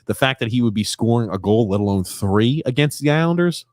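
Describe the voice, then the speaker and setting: A man hosting a sports podcast, laid-back and quick to laugh in casual chat. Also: medium pitch, animated, darkish tone, dry recording, studio quality. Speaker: podcast host.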